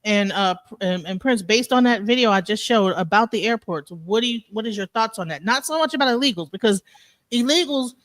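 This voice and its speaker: A man's voice: high-pitched, animated, a little fast, fairly bright tone, dry recording. A man leads an online panel discussion, circling his point through restarts, "like" and "uh". The recording is dry and close, with very little room sound. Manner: rambling, many restarts and fillers. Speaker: show host. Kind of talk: casual panel talk.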